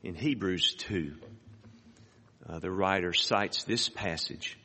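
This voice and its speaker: A man preaching a sermon in an unhurried, deliberate way, his fairly low voice bright and forceful. He reads scripture aloud, climbing high to stress key words. A long hall reverb trails behind him. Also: breathy edge. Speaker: pastor.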